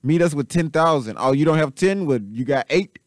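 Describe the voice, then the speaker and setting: A man putting on the voice of a smooth-talking male phone scammer with a Jamaican accent, coaxing and persuasive. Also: fairly high pitch, animated, fairly quick, dry recording, studio quality, natural voice. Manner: wheedling, persuasive.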